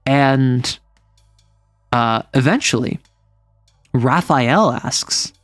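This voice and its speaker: A man's voice: mid-range voice, drawn-out words, fairly bright tone, dry recording, soft background music. A man streaming from home, casually retelling his tabletop game session in a rambling way full of fillers and self-corrections.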